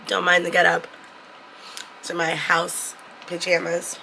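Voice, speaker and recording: A woman's voice: fairly low pitch, completely flat delivery, unhurried, vocal fry, bright, forceful tone, a little hiss or hum. A young woman vlogging casually into her phone camera, chatty and blunt, swearing freely. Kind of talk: casual vlog talk to camera.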